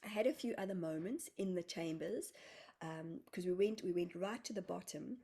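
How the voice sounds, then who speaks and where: A woman's voice: on the low side, normal speed, mellow, slightly rough. A woman from South Africa, a guest healer, telling a story in a casual interview and acting out her own quoted words with energy. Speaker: guest healer and spiritual medium.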